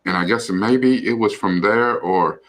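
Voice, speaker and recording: A man's voice: on the low side, measured pace, a bit bright. A man co-hosting a livestream, chatting casually in a rambling, loose way with lots of fillers and the odd swear word. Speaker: livestream co-host. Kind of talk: casual chat.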